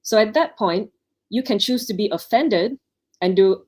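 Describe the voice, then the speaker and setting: A woman doctor on an online panel gives chatty, anecdotal advice to new doctors, acting out the quoted lines in her stories. Her mid-range voice is expressive and darkish in tone, and she speaks a little slowly.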